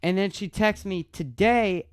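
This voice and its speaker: Slow-talking, chuckling podcast host man. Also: sits high, clear, resonant tone, no echo, studio quality. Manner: amused, often breaks into laughter while retelling; halting, restarts sentences. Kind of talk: casual solo storytelling.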